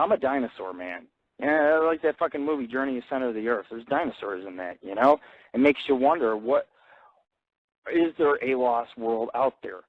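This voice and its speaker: Raised in an Italian-American household, this man runs an internet radio show where he goes on blunt, expletive-laden rambles in a casual monologue. The sound is phone-quality with no echo, and his pitch is medium.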